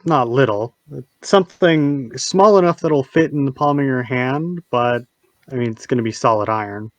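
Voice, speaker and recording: A man playing a tabletop game, arguing the rules with a halting, filler-heavy delivery. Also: mid-range voice, no room sound, highs cut off. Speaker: player.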